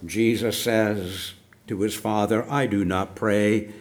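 An older man preaching a sermon, swinging from loud emphasis down to hushed, near-whispered words. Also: on the low side, steady tone, takes it slowly.

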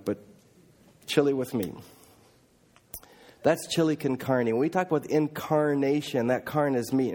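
A middle-aged man preaching a sermon as a missionary, telling stories earnestly and emphatically, often dropping quiet and then rising again. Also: mid-range voice. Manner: earnest, emphatic, with restarts and swings from loud to quiet. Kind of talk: sermon storytelling.

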